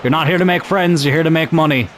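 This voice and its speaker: A young man commentating on his own football video game career, calm one moment and shouting the next. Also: fairly high pitch, fast, slight background noise. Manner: excitable, shouts at big moments. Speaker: gaming YouTuber.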